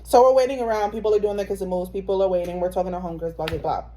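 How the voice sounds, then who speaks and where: A woman's voice: medium pitch, steady tone, racing, mellow. Blunt young woman telling a story. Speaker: concert reviewer. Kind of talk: casual chat.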